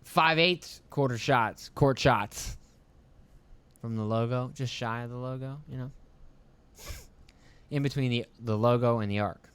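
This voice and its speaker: A young man hosts his own podcast in a loud, mocking solo rant, swearing freely and mimicking the people he talks about. His voice is smooth and clear, recorded close and dry with no room sound. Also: medium pitch, a little slow, long pauses, no room sound. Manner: profane, mocking, heated rant with put-on voices. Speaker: podcast host. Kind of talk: ranting solo podcast commentary.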